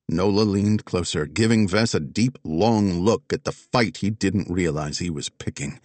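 A man narrating a crime story as an audiobook, with expressive, dramatic storytelling. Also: deep voice, measured pace, hardly any pauses, no echo.

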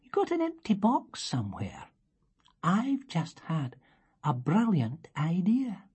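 A bird-like old lady of eighty-one, put on by a woman reading aloud, brisk and matter-of-fact. The voice sits high and a touch breathy. She swings between lively rises and drops in this storybook telling. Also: full character voice.

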